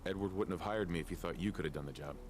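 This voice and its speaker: A man's voice: deep voice, racing, a crowd in the background, natural voice. A man voicing a blunt, confident male player hero in a video game.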